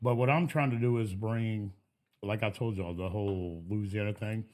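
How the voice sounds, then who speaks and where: A man's voice: fairly low pitch, normal speed, darkish tone. A man, a podcast guest, telling laid-back stories in casual chat and laughing often. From Texas.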